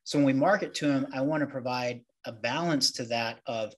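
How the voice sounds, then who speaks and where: A man's voice: mid-range voice, fairly quick. A man, a mortgage loan originator answering interview questions in a candid, conversational way. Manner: candid, conversational, acts out client dialogue.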